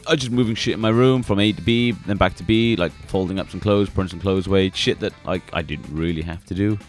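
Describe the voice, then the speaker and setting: A man's voice: sits low, fast, faint music behind. A young man co-hosting a podcast, arguing back in a crude, combative, mocking way. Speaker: podcast co-host. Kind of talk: casual banter.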